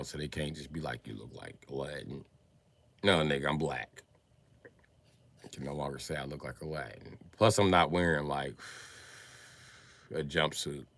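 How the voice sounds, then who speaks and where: A man telling stand-up stories on a livestream, profane and animated with sudden loud jumps. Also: rumbling low. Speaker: comedian on a livestream. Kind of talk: stand-up storytelling.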